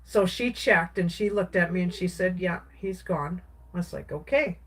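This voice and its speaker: A woman's voice: on the low side, normal speed, slightly rough. A woman, a craft vlogger, casually recounting a personal story in a rambling way, with many restarts and filler words.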